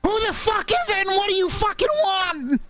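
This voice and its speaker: A game master voicing a gruff, foul-mouthed man who swears constantly and snaps at people. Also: medium pitch, very animated, a little slow, a bit bright, no echo, soft background music. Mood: yelling. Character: gruff foul-mouthed adult male guard.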